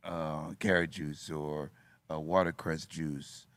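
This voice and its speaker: A man talking casually on a podcast in a relaxed, halting way, often repeating words. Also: a bass voice, no room sound. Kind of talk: casual chat.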